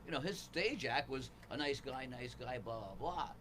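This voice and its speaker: A man chats casually, telling a comedy club story. He acts out the quotes loudly, and his pitch swings widely. A steady noise sits behind him in the recording. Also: normal speed. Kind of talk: casual chat.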